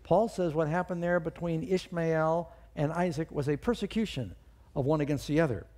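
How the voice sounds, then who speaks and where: Mellow-voiced male preacher telling stories. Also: on the high side, normal speed. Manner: storytelling, reads scripture aloud with rising emphasis. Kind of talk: sermon with personal stories.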